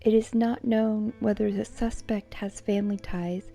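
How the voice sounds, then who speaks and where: A woman whispering a true crime account as a soft-spoken ASMR narrator. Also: mid-range voice, fairly even intonation, creaky, faint music behind. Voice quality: unvoiced whisper. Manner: soft-spoken, measured storytelling.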